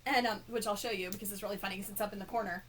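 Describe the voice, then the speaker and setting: A woman's voice: medium pitch, steady tone, rapid-fire, a loud crowd. A woman host from Florida telling a story in casual chat, giggling often and talking in chatty, restarting bursts. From Florida, United States. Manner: giggly, laughs often between phrases; chatty, many fillers and restarts. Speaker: podcast co-host.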